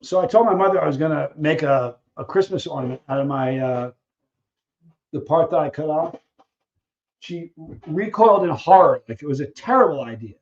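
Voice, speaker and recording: A man hosting a casual live Q&A stream, reading viewer questions and answering them in an animated way, acting out little scenes with frequent restarts. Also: on the high side, highs cut off. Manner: animated storyteller who acts out scenes, halting restarts.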